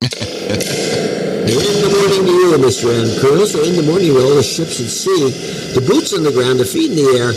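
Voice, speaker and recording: A man co-hosting a podcast, delivering a booming, theatrical show-opening greeting over loud music. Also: sing-song, moderate pace, poor audio. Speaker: podcast co-host.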